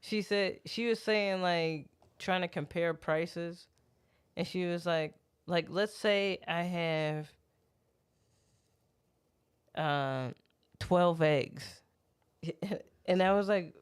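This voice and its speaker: A woman's voice: fairly low pitch, very slow, long pauses, smooth. A woman co-hosting a podcast in casual chat, blunt and profane, laughing often. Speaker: podcast co-host.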